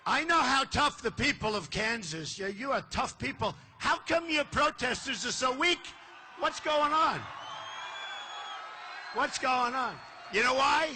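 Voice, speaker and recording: A man's voice: very high-pitched, lively intonation, measured pace, pushed and bright, a little hiss or hum. An older man from the United States giving a boastful, repetitive campaign rally speech, with punchy phrasing. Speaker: political candidate. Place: large indoor arena.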